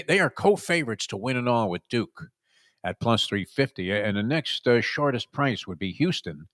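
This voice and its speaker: A man's voice: medium pitch, fairly bright tone, no room sound, clean studio sound. Wry, rambling male sports talk host. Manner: wry, sarcastic, rambling with many fillers.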